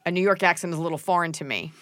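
A young woman from Texas, co-hosting a casual chat, quick and jokey with rambling restarts. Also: lowish voice, fairly bright tone, no room sound, clean studio sound. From Texas, USA. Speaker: co-host, actress.

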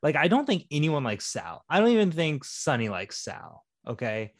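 A man's voice: a little high, big pitch swings, moderate pace, no room sound. Male podcast co-host, loose thinking-aloud film talk, dry close mic. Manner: rambling, thinking aloud with fillers. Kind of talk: casual film discussion.

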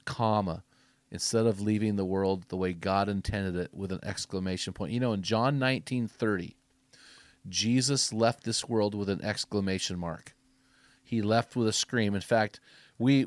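With a lowish voice and no echo, a middle-aged man addresses men in a preaching-style podcast as host and ministry speaker. He exhorts emphatically, rising into loud, punchy bursts.

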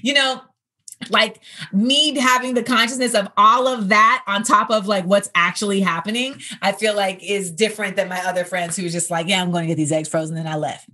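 A woman's voice: medium pitch, normal speed, sharp tone. A woman in her thirties, a comedian hosting a podcast, chatting casually in a rambling, conversational way. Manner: rambling, conversational, filler-heavy. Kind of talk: casual chat.

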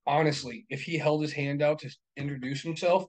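A man's voice: a little high, fairly even intonation, brisk, poor audio. A man co-hosting a casual chat, talking bluntly and heatedly, swearing often and rambling with lots of fillers.

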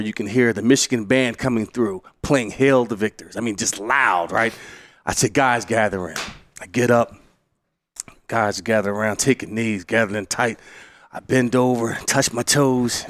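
A middle-aged man spins a game-day story in an interview, voice sitting at an ordinary pitch for a man. He gets excited, laughs often and shouts out the lines he quotes, then settles back into a more measured tone when reflecting. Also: no echo. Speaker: head coach and former player.

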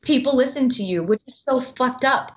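A woman's voice: high-pitched, normal speed. A woman guest talking bluntly and passionately in a casual interview, swearing freely.

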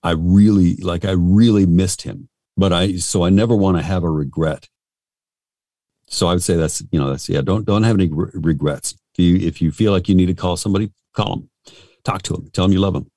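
A man's voice: low voice, fairly quick, mellow, no room sound, clean studio sound. A middle-aged male voice actor talking casually and frankly in an interview, rambling and self-deprecating.

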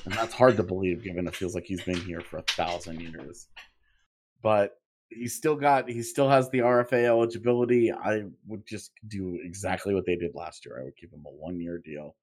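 A man's voice: sits low, moderate pace. A man co-hosting a podcast, talking casually about hockey contracts and thinking aloud with frequent restarts. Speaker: podcast co-host. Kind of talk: casual sports talk.

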